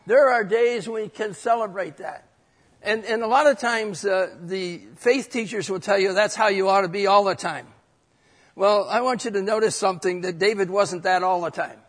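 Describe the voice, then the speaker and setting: A man preaching a sermon and reading scripture aloud, swinging between loud declaring and quiet, reflective reading. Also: sits high, normal speed. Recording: long hall reverb.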